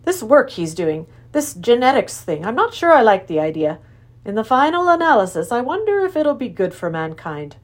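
A brisk, skeptical middle-aged father talking over the Sunday paper, as a woman reads him aloud. His voice moves about a lot, with a doubtful edge to it. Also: fairly high pitch, very animated. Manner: brisk, doubtful, then quietly proud.

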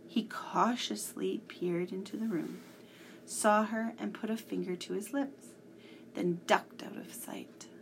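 Slow, gravelly woman reading a story. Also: mid-range voice, steady tone, whispered. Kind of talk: reading a children's story aloud.

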